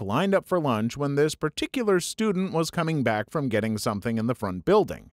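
Male story narrator for read-out anecdotes, slightly high and animated, dry booth-like sound. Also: no room sound. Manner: reads first-person anecdotes in a storytelling tone. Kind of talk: scripted narration of reader stories.

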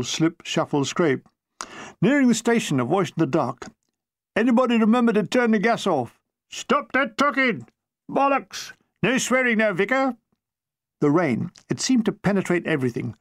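A man with a fairly high voice reads his own war memoir with wry, deadpan comic timing. The sound is close and dry, with no room echo.

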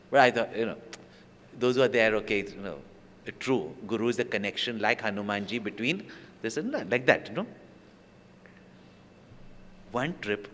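A swami telling stories to an audience, acting out the quotes. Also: male voice, lowish voice, a bit bright, slight background noise. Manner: storytelling with acted quotes and laughter. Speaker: swami giving a talk. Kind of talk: anecdotal spiritual talk. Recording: long hall reverb.

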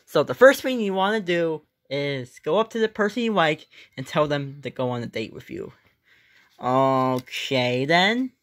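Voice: medium pitch, lively intonation, a little slow, fairly bright tone. A performer voicing a friendly male character giving dating advice in an amateur voice drama, chatty and rambling.

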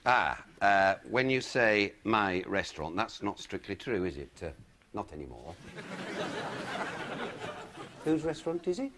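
A man's voice: fairly low pitch, big pitch swings, normal speed, fairly bright tone, slight background noise. A middle-aged man playing a scheming, cheeky restaurant owner in a sitcom, teasing and wheedling. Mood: sly. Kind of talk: sitcom acting.

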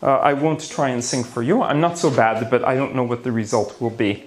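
A man delivers a brain-focused conference talk in a brisk, medium-pitched voice with fairly even intonation. As a neuroscience lecturer before a conference hall audience, he keeps things playful and theatrical through gasps, asides and quips.

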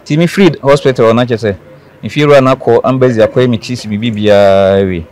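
A man from Ghana speaks as an interview guest, recounting what happened to him. He talks earnestly at a middle pitch, often repeating phrases to drive a point home. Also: fast talker, a little mellow. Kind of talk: telling a personal story.

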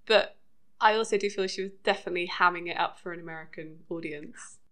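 A British woman co-hosting a podcast, talking through a TV episode in a loose, casual way. Her voice has a bright, clear edge, and she laughs easily between points. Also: lowish voice, fast talker. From United Kingdom. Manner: chatty, laughs often. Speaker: podcast co-host. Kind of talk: casual chat recapping a TV episode.

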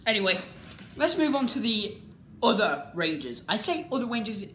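A woman giving a casual, ranting review as a vlogger, exasperated and repetitive, swinging between loud outbursts and low muttering. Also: very animated, moderate pace. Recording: echoey room with faint background noise.

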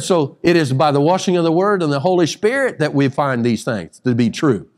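A man's voice: fairly high pitch, lively intonation, fairly quick, hardly any pauses, a little mellow. A man teaching a Bible study sermon, emphatic, reading scripture aloud and often restarting phrases.

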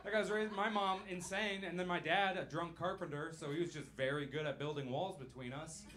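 A man's voice: a little high, brisk, a bit bright. A young man doing a stand-up set in a comedy club, loose and rambling, swearing and laughing at his own jokes, on a handheld mic. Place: comedy club stage with a live audience. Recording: live club recording with audible background noise.

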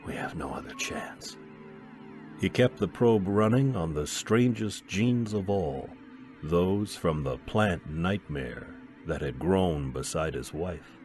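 Male narrator, very deep voice, slow grave reading, soft music under it. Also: expressive. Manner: measured, grave storytelling. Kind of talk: audiobook reading of science fiction.

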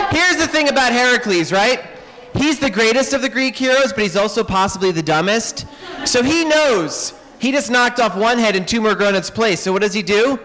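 A man, an author and illustrator, tells myths to children in an animated, joking way, full of quick asides. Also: extremely high pitch, in a large hall, rough recording. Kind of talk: lively storytelling talk to children. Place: public library event room.

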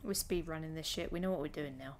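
A woman's voice: low voice, fast talker, a little hiss or hum. A British woman streaming a game live, chatting, swearing and laughing as she plays. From United Kingdom. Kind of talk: live gameplay commentary.

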